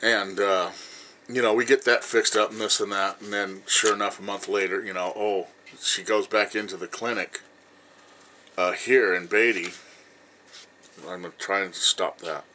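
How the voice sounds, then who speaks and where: A man in his fifties telling a personal story to his viewers in a blunt, rambling way, swearing freely and filling pauses with "you know". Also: lowish voice, fairly even intonation, pushed and bright, slight background noise, rough recording. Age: 50s. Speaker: vlogger.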